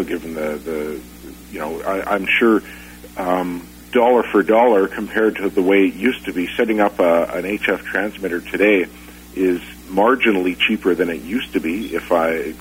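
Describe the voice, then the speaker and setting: A man with a very deep voice talks through a casual radio-show conversation. He hesitates often, restarting his sentences and filling gaps with ums. A faint hum sits under the recording. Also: poor audio. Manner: halting, many fillers and restarts.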